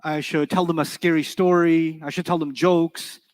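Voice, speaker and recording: Guy with a high voice teaching a class, tells stories, keeps asking the room questions. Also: normal speed, no echo. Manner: animated storytelling, asks the class questions; acts out quoted voices in his stories. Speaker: Arabic teacher. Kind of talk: live classroom lecture.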